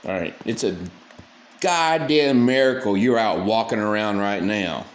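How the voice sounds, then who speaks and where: A man's voice: lowish voice, a little slow, echoey room. A man giving crude, scornful reaction commentary in a ranting manner.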